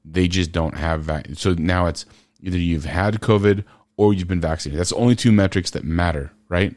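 Deep-voiced man ranting on a podcast. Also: moderate pace, darkish tone, no echo. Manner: ranting, sarcastic, rhetorical questions. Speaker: podcast host. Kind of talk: casual commentary rant.

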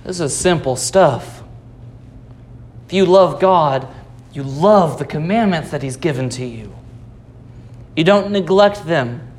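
A man's voice: on the high side, lively intonation, slow, long pauses. A man preaching a Sunday sermon, explaining scripture patiently and repeating key phrases for emphasis. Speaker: pastor.

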